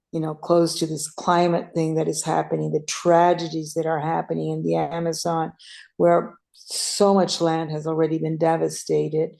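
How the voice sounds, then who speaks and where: Tired, gravelly low-voiced woman from Brazil. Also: mellow. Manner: tired, hesitant, many restarts. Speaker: meeting participant. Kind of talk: casual online meeting talk. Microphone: video call.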